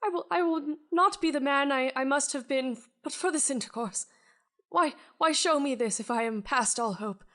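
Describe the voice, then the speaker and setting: A woman's voice: sits high, normal speed, a bit bright, voice pushed up. A woman voicing a sobbing old male miser who stammers and begs a spirit for mercy. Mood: pleading, sobbing. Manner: stammering, pleading.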